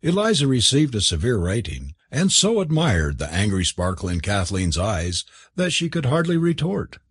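A man narrating a novel as an audiobook in an expressive, measured storytelling manner. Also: lowish voice, husky, dry recording, clean studio sound.

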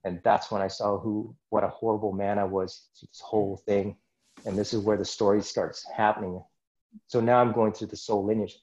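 A man with a fairly low voice tells a personal story as a podcast guest. He speaks earnestly and acts out the thoughts he had at the time. The recording sounds dull and lo-fi. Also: little pitch movement, moderate pace, darkish tone. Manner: earnest, acts out his own inner dialogue.

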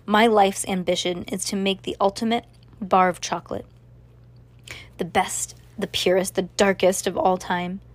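A woman voicing a gentle, soft-spoken blind male chef in a read-aloud story, slow and measured. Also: mid-range voice, flat delivery, natural voice. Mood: instructive.

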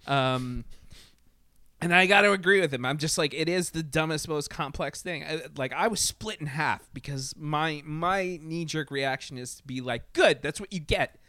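A man talking loosely in a casual podcast chat, swearing freely and stumbling over fillers and restarts. His voice sits a little high and sounds smooth and clean. The mic is close and the room is dry. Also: normal speed, dry recording. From Latin America. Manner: profane, animated, many fillers and restarts.

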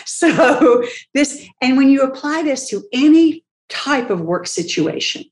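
In a conversational interview, a woman talking as a leadership expert speaks animatedly, acts out the voices she quotes and laughs often. Her voice is a little high and expressive, with a darkish tone and normal speed.

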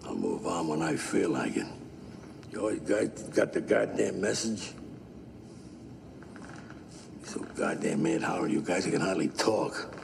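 An actor playing an older gruff crime boss who hands out orders bluntly, in a film clip. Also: male voice, deep voice, animated, moderate pace, background noise, full character voice. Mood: commanding. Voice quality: gravelly. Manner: domineering, blunt. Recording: film clip with roomy reverb.

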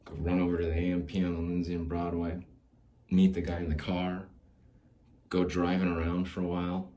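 Deep-voiced man rambling loosely. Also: monotone, brisk, warm tone. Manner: loose, rambling, frequent "like" and restarts, swears casually; laughs between thoughts. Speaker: podcast host. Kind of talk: casual rambling monologue.

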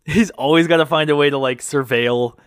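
A young man with a slightly high voice chats easily and laughs often as he retells scenes he loves. The sound is dry, with no room echo at all. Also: brisk, smooth. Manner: giggly, animated storytelling with frequent laughter. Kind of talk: casual chat.

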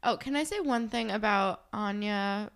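A woman's voice: mid-range voice, a little slow, vocal fry, clear, resonant tone. A young woman co-hosting a casual chat, giving blunt, opinionated takes on a TV episode. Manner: opinionated, swears casually, laughs. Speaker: podcast co-host.

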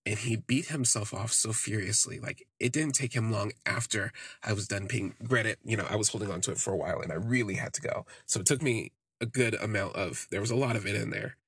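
A man's voice: lowish voice, a little fast, hardly any pauses, fairly bright tone, breathy edge, no room sound. A man hosting a podcast, telling a personal story in a candid, rambling way, full of "like" fillers. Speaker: podcast host. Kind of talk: casual first-person storytelling.

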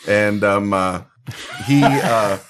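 A man's voice: fairly low pitch, extremely slow, a bit bright. A man narrating as game master for a tabletop game, with many fillers. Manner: hesitant, lots of fillers.

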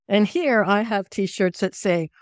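A woman's voice: medium pitch, slow pace, dry recording, studio quality. An older woman from the United States, an author chatting as a podcast guest, telling anecdotes and laughing often. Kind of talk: casual conversation.

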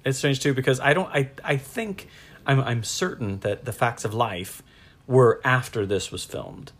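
A man's voice: medium pitch, a little slow. Rambling, laughing male podcast co-host. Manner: rambling, laughs often, restarts. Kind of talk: casual chat.

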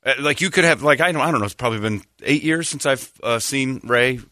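A man's voice: mid-range voice, fast talker, bright, forceful tone, no echo, clean studio sound. A man hosting a morning radio show in casual chat, rambling and breaking off his own sentences as he tells stories. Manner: rambling, self-interrupting storyteller.

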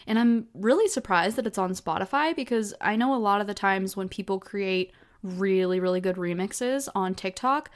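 A woman's voice: mid-range voice, normal speed. A woman in her twenties hosting her own podcast, telling stories in a chatty, casual way with lots of fillers. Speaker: podcast host. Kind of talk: casual solo chat.

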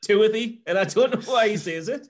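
A male co-host jokes around and asks quick questions in an animated, casual way. His voice sits fairly high. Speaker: podcast co-host. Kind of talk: casual chat.

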